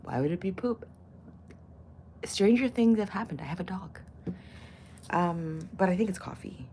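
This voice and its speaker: A woman in her fifties chatting casually to camera as a vlogger, loud and playful, with crude jokes and swearing. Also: fairly low pitch, expressive, a little slow, slight background noise. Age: 50s. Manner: loud and playful, swings to loud bursts and whispers.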